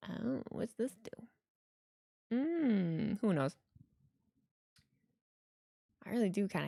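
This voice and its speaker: A woman's voice: medium pitch, big pitch swings, slow pace, creaky, dark tone, no echo, clean studio sound. A woman hosting a casual livestream, chatty, profane and giggly, talking into a headset mic from a home streaming setup. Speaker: livestream host. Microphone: headset with mic monitoring.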